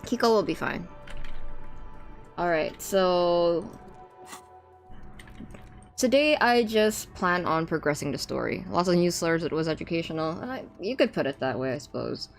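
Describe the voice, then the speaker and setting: A woman talks casually through a game stream in a fairly low voice. She rambles with fillers and restarts as she answers her chat, with faint music underneath. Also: expressive, moderate pace, pauses often. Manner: rambling with many fillers and restarts, chatting to viewers. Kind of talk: casual gameplay commentary.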